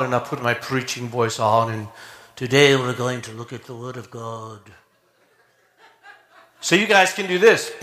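A man preaching a lively sermon in a church, energetic and animated, often shouting and acting out quotes. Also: high-pitched, echoey room. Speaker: pastor. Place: church sanctuary.

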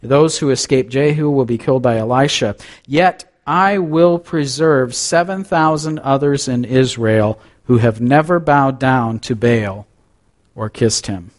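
A man's voice: medium pitch, a little slow. A man preaching a sermon, reading scripture aloud with dramatic rises and drops and adding conversational asides. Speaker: pastor.

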